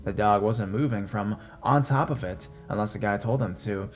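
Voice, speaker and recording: A young adult man narrating a horror story in a measured, tense manner. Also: on the low side. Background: faint guitar music.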